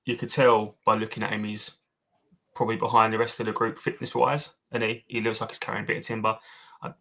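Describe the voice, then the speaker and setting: A man gives blunt opinions on a loose football fan podcast, swearing and calling his co-host mate. His voice is low, forceful and husky, with a hard edge. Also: flat delivery, fast. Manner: blunt, matey, swearing, says mate a lot. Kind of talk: casual fan podcast chat.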